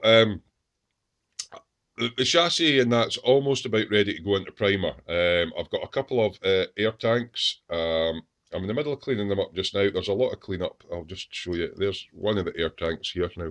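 A man's voice: low-pitched, moderate pace, fairly bright tone. A man with lots of ums and restarts, showing his model truck build in a casual workshop video. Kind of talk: casual workshop show-and-tell.

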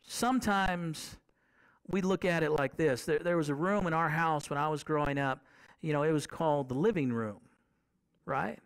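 A man's voice: on the high side, moderate pace, clean tone. A man preaching a sermon in a conversational way. He asks the congregation questions and repeats key phrases to drive them home.

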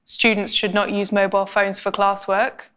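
Clear, measured female writing instructor. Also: mid-range voice, monotone, fairly bright tone. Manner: clear, measured teaching delivery. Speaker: language instructor. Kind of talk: scripted educational explainer.

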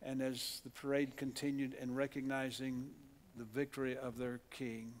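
A man's voice: mid-range voice, level tone, moderate pace, a little hiss or hum. A man with an Oklahoma accent preaching a sermon in a church, speaking earnestly with frequent restarts and repeated words. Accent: Oklahoma, Southern US. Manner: earnest preaching with frequent restarts, leads the congregation in call-and-response. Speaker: pastor. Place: church sanctuary.

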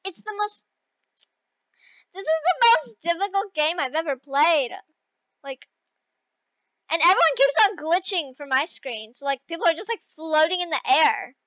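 A young girl talking through an obstacle-course game she is playing, excitable, often shrieking when she fails and pleading with her viewers for help. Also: very high voice, normal speed, pauses often, dry recording, highs cut off. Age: child. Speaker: gaming video creator. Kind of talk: casual gameplay commentary.

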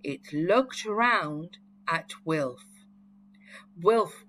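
A woman reading a children's story aloud in a clear, expressive way. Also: lowish voice, takes it slowly, slight background noise.

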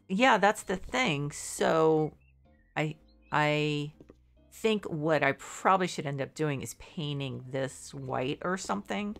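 A congested middle-aged woman chats casually while streaming a game, rambling, second-guessing herself, and restarting often. Her voice sits low with vocal fry.

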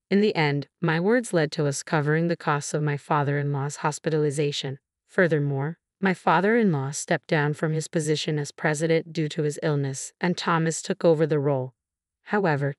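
A woman narrating a first-person story in a steady, even reading. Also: low voice, normal speed, no room sound, clean studio sound.

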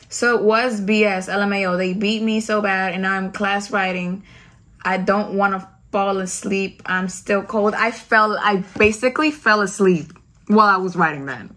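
A woman's voice: medium pitch, a bit bright. A young adult woman vlogger from the United States recounts her Navy boot camp days in a casual storytime, talking in a slangy, candid and profane way.

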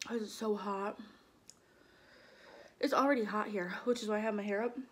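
A woman's voice: mid-range voice, fairly even intonation, moderate pace, slight background noise. A young woman vlogging to camera, flustered and a bit shaky, her mouth numb from spicy food. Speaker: mukbang vlogger. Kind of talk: casual vlog talk to camera.

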